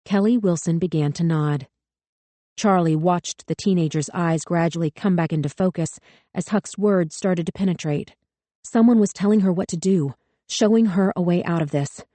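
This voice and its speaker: Low, measured woman narrating. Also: warm tone, dry recording. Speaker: audiobook narrator. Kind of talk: scripted narration.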